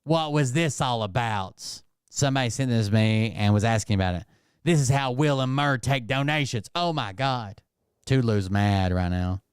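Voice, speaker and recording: A man's voice: mid-range voice, moderate pace, clear, resonant tone, no echo, clean studio sound. Sarcastic, profane male streamer. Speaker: commentary streamer. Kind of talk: casual live-stream commentary.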